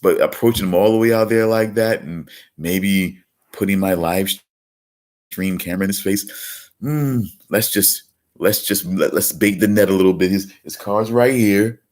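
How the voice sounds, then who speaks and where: A man's voice: sits low, normal speed, a little mellow. A man hosting a casual livestream, rambling with many restarts and repeating himself. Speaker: livestream host.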